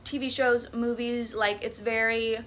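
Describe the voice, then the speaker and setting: A woman's voice: a little high, level tone, unhurried, a bit bright, a little hiss or hum. A woman with a Southern US accent telling a spooky personal story in a chatty, profane, dramatic way. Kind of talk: casual storytime vlog.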